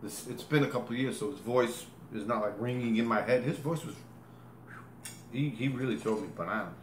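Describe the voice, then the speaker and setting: An interviewee with a mid-range male voice talks fairly quickly, rambling through a long personal story, correcting himself and acting out movements with gestures. The room is echoey, with faint ambience and slight background noise.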